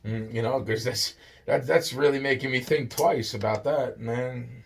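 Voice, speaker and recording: A man's voice: mid-range voice, steady tone, a little slow, gravelly, background noise. A man telling a long personal story in a rambling, casual way, swearing often and restarting his sentences. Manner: profane, rambling, full of restarts and "it's like".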